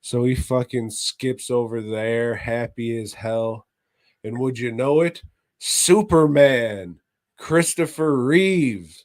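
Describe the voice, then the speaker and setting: A man co-hosting a podcast, recapping a movie in casual, profane chat, laughing often and breaking into mock voices. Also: mid-range voice. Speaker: podcast co-host.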